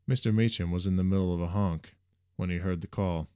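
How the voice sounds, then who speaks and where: A man narrating a story in a steady, even reading voice. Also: low voice, fairly quick, clear, resonant tone, dry recording, studio quality.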